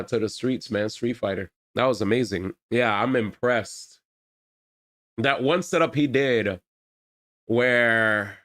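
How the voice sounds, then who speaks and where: Man, streamer, casual reaction commentary, slangy, excitable, dry close sound. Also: medium pitch, dry recording. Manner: excitable, slangy, addresses chat.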